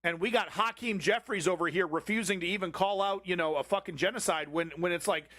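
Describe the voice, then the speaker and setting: Brief: male stream host, angry profane rant, higher-pitched voice, dry close sound. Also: a little fast, pushed and bright, dry recording. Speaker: livestream host. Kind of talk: profane political commentary over a clip.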